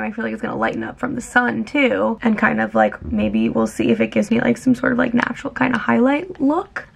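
A young woman with a hoarse, worn-out voice chats casually to camera at home, rambling freely and filling her sentences with "like." Her voice carries a heavy gravelly fry throughout. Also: a little high. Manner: chatty, rambling, lots of "like". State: hoarse, voice mostly gone. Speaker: vlogger. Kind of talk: casual vlog chat to camera. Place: at home indoors.

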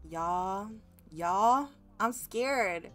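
A woman chatting through her game in a casual, slangy way, now and then breaking into shrieks of mock alarm. Her voice sits at a middle pitch, with faint music playing underneath. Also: lively intonation, very slow, fairly bright tone. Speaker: gaming YouTuber. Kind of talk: casual gameplay commentary.

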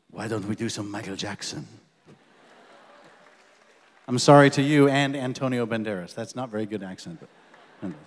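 A man introducing his band from a concert stage in casual, rambling banter full of ums, speaking into a stage microphone. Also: on the low side. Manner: chatty, rambling storyteller with many ums. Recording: long reverb of a concert hall.

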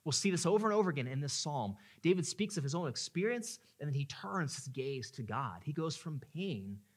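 A man's voice: on the high side, very animated, brisk. Earnest male pastor preaching. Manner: earnest, rises to impassioned pleading in voiced prayers. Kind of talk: sermon.

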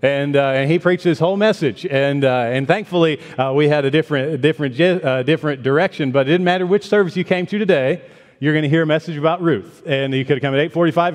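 A man's voice: fairly high pitch, fast. A man from the northern United States giving a folksy sermon as guest preacher, with many fillers and restarts. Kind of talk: sermon with a joke. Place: church sanctuary. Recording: long church reverb.

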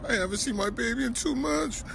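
A man's voice: very high voice, brisk, vocal fry, background noise, voice pushed up, full character voice. A man putting on the voice of a grown man whining and pleading for his baby, in a mocking roast. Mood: whimpering. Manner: whiny, pleading.

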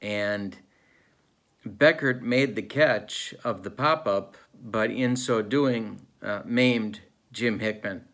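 A man narrates a tabletop baseball replay in the manner of a old-school sportscaster. His delivery is mock-serious and deadpan. It moves at an easy, relaxed pace, with plenty of fillers in between. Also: on the low side, slow pace. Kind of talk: play-by-play style narration of a tabletop game replay.

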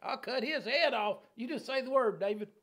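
A man's voice: very high voice, normal speed, pitched above the performer's own voice. A man voicing a hot-headed soldier itching to strike. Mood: eager. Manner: loud, rising, impatient pleading.

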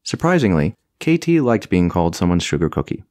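A man's voice: sits low, big pitch swings, a little fast, darkish tone, no echo, clean studio sound. A man narrating a comic fantasy audiobook with a wry, storytelling delivery.

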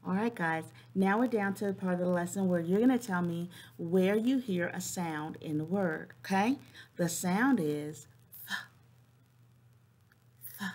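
A woman teacher leading young children through a phonics lesson, clearly sounding out word parts and encouraging them. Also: on the low side, normal speed, few pauses, a little mellow. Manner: encouraging classroom tone.

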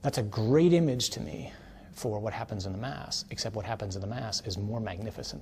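A man, a priest, giving a teaching talk on worship in a conversational way, tossing in tag questions and building to forceful, emphatic declarations. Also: fairly low pitch, moderate pace, slight background noise.

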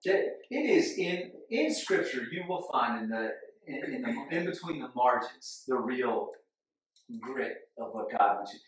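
A man's voice: mid-range voice, far from the mic. Man preaching in an echoey church hall. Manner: animated preaching that swings from loud to hushed. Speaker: pastor. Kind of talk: sermon.

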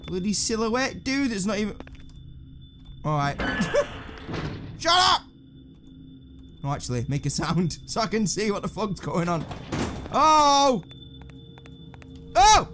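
A man's voice: sits high, lively intonation, a little slow, long pauses, noisy background. A man giving jumpy, sarcastic, swearing commentary while playing a horror video game. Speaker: gaming channel host.

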